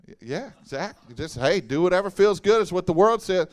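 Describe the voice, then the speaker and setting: A man with a drawl preaches to a church congregation in a fairly high voice. His delivery is folksy and animated, full of jokes and direct questions to the crowd. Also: brisk. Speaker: pastor. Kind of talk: sermon. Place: church hall.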